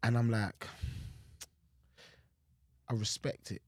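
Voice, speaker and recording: A young man, chatting on a casual podcast and telling stories in an animated way, with his voice jumping up when he gets excited. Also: mid-range voice, slow, no echo, clean studio sound. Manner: animated storytelling, voice jumps up in excitement. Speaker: guest co-host.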